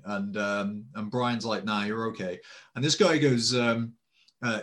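A man's voice: lowish voice, a little slow, a bit bright. A man in casual conversation, telling a story with lots of fillers and quoted dialogue.

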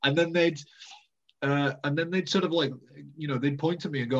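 A man's voice: on the high side, moderate pace, muffled recording. A man in casual conversation as an interview guest, rambling and self-deprecating, with many fillers and restarts. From Britain.

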